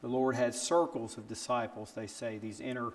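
Older male pastor, sermon delivery, animated storyteller who tosses out rhetorical questions and leaps up in pitch for quotes. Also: normal speed. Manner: acts out quotes with big pitch jumps.

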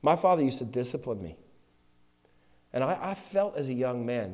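A man's voice: medium pitch, big pitch swings, normal speed, pauses often. Emphatic preaching man in a reverberant hall. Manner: swings from loud emphatic preaching to quiet intimate asides. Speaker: pastor. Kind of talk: sermon.

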